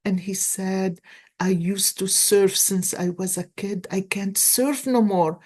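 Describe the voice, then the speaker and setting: A woman's voice: mid-range voice, steady tone, slow, a little mellow. A woman in her sixties giving a casual card reading, telling stories earnestly with many restarts. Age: 60s. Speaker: tarot card reader and life coach.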